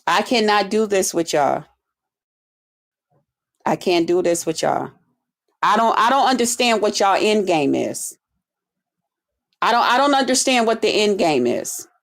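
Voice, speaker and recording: A woman hosting a livestream, ranting bluntly at her chat, swearing constantly and repeating herself in exasperation. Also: medium pitch. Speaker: livestream host. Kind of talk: profane livestream rant.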